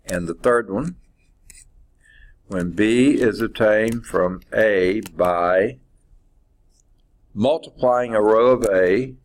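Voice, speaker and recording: Pausing often and moving at a slow pace, a math professor lectures in a fairly low voice. He rambles through the material in class, thinking aloud and saying okay again and again.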